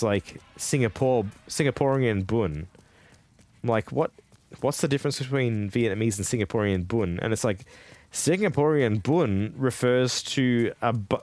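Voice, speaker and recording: An Australian streamer with a lowish, slightly mellow voice chats casually with viewers while gaming. He rambles on, laughing a lot and swearing freely.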